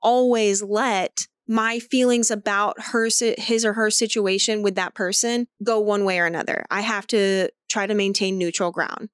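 A woman's voice: mid-range voice, fairly bright tone, clear, resonant tone, no room sound. Woman podcast cohost, blunt, swears a lot, rambles thru her thinking, dry sound. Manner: candid, swears freely, talks things through at length. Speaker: podcast co-host. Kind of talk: casual chat.

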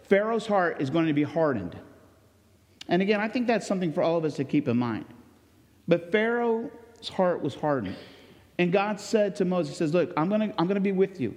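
A man's voice: high voice, lively intonation, normal speed, a little mellow, in a large hall. A man preaching a sermon as pastor, earnest and conversational, with ums and restarts.

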